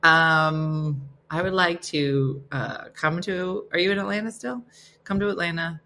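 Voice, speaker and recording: A woman hosting a casual morning livestream, reading viewer comments and riffing on them. Her voice sits on the low side, with a bright, forceful tone. She sounds chatty and self-deprecating and laughs often. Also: fairly even intonation, unhurried, slight background noise. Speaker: livestream host.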